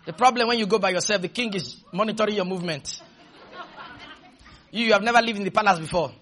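A man preaching a sermon, stretching his words out and shouting, then leading the congregation in call-and-response. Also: high voice, fast talker, a faint crowd, slight background noise.

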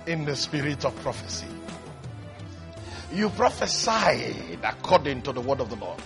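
Brief: male preacher with a high, bright voice and fervent, repetitive delivery. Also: big pitch swings, moderate pace, creaky, faint music behind. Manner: fervent, repetitive, rising to shouts. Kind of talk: sermon.

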